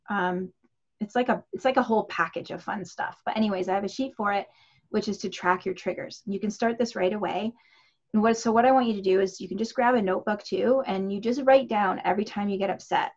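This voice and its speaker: Woman parenting coach, gravelly tone, chatty with fillers, dull lo-fi audio. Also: mid-range voice. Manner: chatty, with frequent fillers and restarts. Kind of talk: conversational parenting advice.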